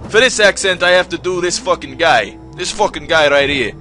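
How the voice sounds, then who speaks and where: A man's voice: fairly high pitch, normal speed, bright, forceful tone, faint music behind. A man putting on a Brooklyn Italian tough guy. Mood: swaggering. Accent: put-on Brooklyn Italian. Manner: swaggering, cursing, rambling.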